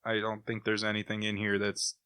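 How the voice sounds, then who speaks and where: A man co-hosting a comic book podcast, retelling a story in an animated, casual way with chuckles. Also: on the low side, brisk, clear, resonant tone. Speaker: podcast co-host reviewing comics. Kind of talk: casual chat.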